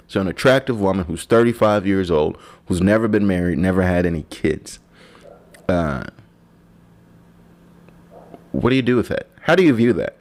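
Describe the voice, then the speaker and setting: A man's voice: lowish voice, a little mellow. A man hosting his own solo podcast, talking in a rambling, joking way that often breaks off and restarts. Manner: rambling, joking, self-interrupting. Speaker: podcast host. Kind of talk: casual solo podcast monologue.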